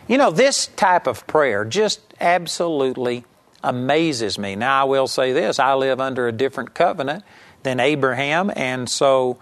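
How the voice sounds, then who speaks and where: A man's voice: mid-range voice, animated, moderate pace. A man preaching a sermon, teaching earnestly and emphatically, and sometimes acting out the people in his story.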